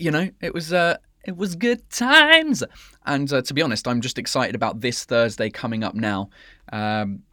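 A man's voice: mid-range voice, a bit bright, no echo, studio quality. Rambling, cheeky man hosting. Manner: rambling, cheeky, swears freely, slips into French. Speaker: comedian podcast host. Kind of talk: casual live-stream chat.

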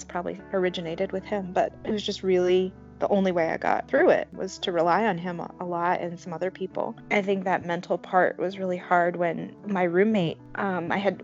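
A woman with a fairly low voice tells a personal story frankly and casually, sprinkling in filler words and the odd curse. The recording sounds a bit muffled. Soft guitar music plays underneath. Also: gravelly. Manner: candid, conversational, frequent "like" fillers, swears.

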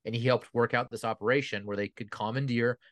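A man's voice: mid-range voice, steady tone, fast, a bit bright, no echo. A man chatting about a movie in a wry, critical way, laughing as he talks. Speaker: podcast co-host. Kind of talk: casual movie discussion.

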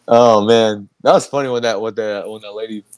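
Laughing young man with a low voice. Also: no room sound. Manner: laughing often, rambling with restarts. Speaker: podcast host. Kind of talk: casual chat.

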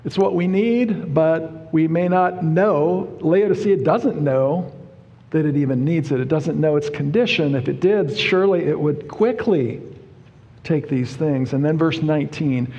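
Slow, emphatic man preaching in a hall. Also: fairly high pitch, warm tone, highs cut off. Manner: slow, deliberate, emphatic Bible exposition. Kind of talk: sermon. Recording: reverberant hall.

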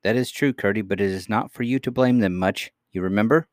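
A man voicing a kind miner's mother, soft and gently chiding, in a read-aloud storybook. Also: on the low side, a little fast, no room sound, studio quality, lightly acted. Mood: gentle.

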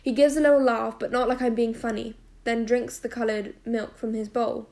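A woman narrating a first-person novel as an audiobook, in a steady storytelling manner. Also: a little high, moderate pace.

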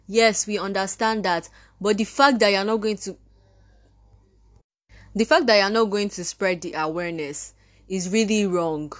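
A woman's voice: medium pitch, measured pace, pauses often. A fifteen-year-old girl with a Nigerian accent, talking straight to listeners in an angry, fired-up podcast monologue. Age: teens. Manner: indignant, ranting, mimics others mockingly. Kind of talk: impassioned monologue.

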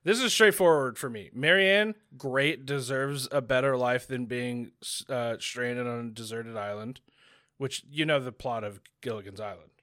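Bright-voiced opinionated podcast guy. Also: mid-range voice, no echo, studio quality. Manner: opinionated, chatty, quick to react. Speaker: podcast co-host. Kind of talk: casual chat.

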